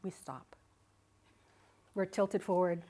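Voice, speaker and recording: A middle-aged woman's mellow, lowish voice moves slowly through a personal story she tells at a live speaking event. Even so, her delivery is vivid and expressive, with plenty of laughter.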